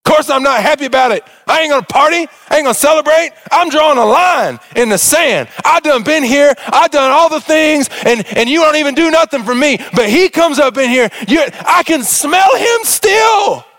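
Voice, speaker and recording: A man voicing a resentful grown older brother who complains loudly that he has been overlooked. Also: very high voice, moderate pace, long reverb tail, pitched above the performer's own voice. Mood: indignant. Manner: whiny, indignant, shouting complaints.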